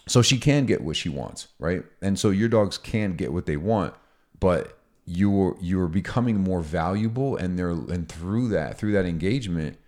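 A man co-hosting a casual podcast, explaining dog training in an energetic, chatty way. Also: low-pitched, moderate pace. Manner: energetic, explanatory, acts out dialogue.

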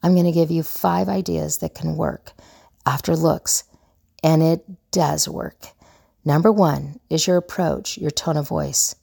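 Gravelly low-voiced woman giving advice. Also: fairly even intonation, unhurried, dark tone. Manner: earnest, rambling, with many fillers and restarts. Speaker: relationship coach and podcast host. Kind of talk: casual advice monologue.

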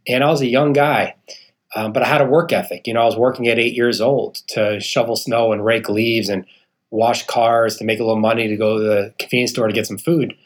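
A man's voice: medium pitch, fairly even intonation, a little fast. Earnest man telling a personal story. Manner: earnest storyteller, acts out quoted people, calls the host "man". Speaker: guest, real estate founder. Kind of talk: emotional personal testimony.

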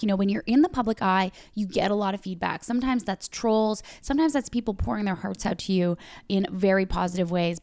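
A woman's voice: mid-range voice, no room sound, studio quality. A woman hosting a podcast interview, talking in an upbeat, gushing way. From Canada. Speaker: podcast host.

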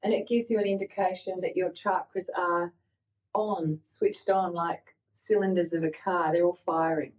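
A woman's voice: fairly low pitch, steady tone, moderate pace, a little mellow, far from the mic, poor audio. A woman co-hosting a spiritual podcast, explaining things step by step for listeners. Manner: explanatory, adds points for listeners. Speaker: podcast co-host.

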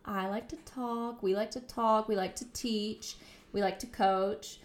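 A woman co-hosts a casual conversational podcast from her kitchen at home, speaking reflectively and earnestly with many filler words. Her voice is mid-range, fairly even and unhurried, captured by a microphone on the table in front of her.

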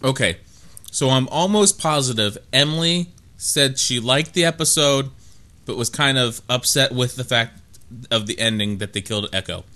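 A man's voice: medium pitch, normal speed, pushed and bright. A man in the middle of his range, hosting a talk podcast. He rambles through his thoughts in loose casual chat and pokes fun at himself as he goes. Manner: rambling, self-mocking, jokey. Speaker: podcast host.

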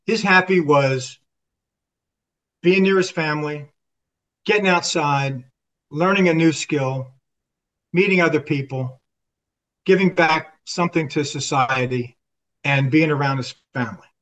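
Older man telling a lively story. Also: fairly high pitch, a little slow, pauses often, recorded from a distance, low-quality recording. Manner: animated storyteller, acts out quoted dialogue, frequent restarts. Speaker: podcast guest, army veteran. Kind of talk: conversational storytelling.

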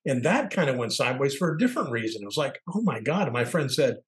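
Middle-aged man, podcast co-host, candid, reflective, searching for words, mid-pitched voice. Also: very animated, quick pace, rough recording.

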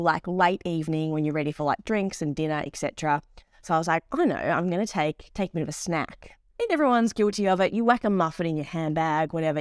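A woman co-hosting a podcast, telling an embarrassing travel story in a lively, animated way and acting out the people in it. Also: on the low side, dry recording, studio quality. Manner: animated storyteller, acts out voices in anecdotes. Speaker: podcast co-host. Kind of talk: casual chat.

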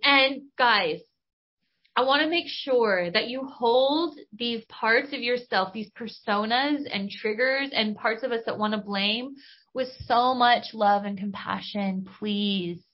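A woman with a slightly high voice talks enthusiastically through a spiritual coaching monologue. She is bubbly and casual and drops in mild slang. The recording sounds dull and lo-fi. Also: slow. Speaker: podcast host and business coach.

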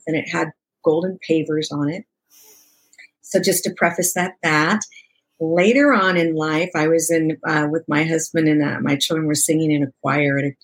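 A woman in her sixties with a deep, breathy-edged voice is an interview guest recounting something personal. Her telling is conversational and expressive, with acted-out dialogue and plenty of laughter.

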